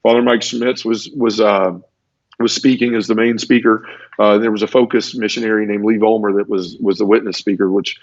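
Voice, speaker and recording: A man's voice: lowish voice, flat delivery, brisk. A man telling the story of his conversion in an earnest, emotional testimony, often repeating words as he goes. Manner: earnest, repeats words, acts out quoted voices. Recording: dull lo-fi audio.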